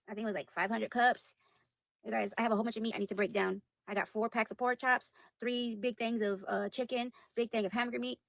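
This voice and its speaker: A woman's voice: on the high side, gravelly, fairly bright tone, no echo. A woman livestreaming casual chat to her viewers, rambling and exasperated, repeating herself as she talks. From United States. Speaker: livestream host.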